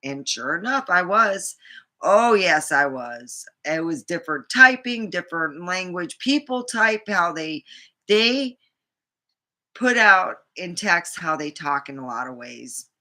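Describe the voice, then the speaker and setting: A woman's voice: lowish voice, lively intonation, takes it slowly, pushed and bright. A middle-aged woman vlogger telling a rambling dating story, full of fillers and restarts. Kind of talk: casual storytime monologue.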